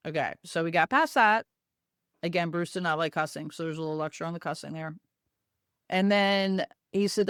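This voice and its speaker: Female host, frank storyteller, casual and blunt, animated delivery. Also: on the low side, moderate pace, clean tone, no echo, clean studio sound. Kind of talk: personal storytelling talk.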